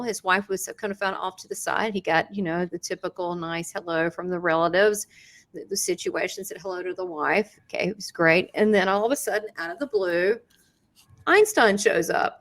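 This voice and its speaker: A woman hosting an interview who works as a psychic medium, telling a story in an animated way and acting out quoted dialogue with frequent laughs. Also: medium pitch. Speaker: psychic medium and show host.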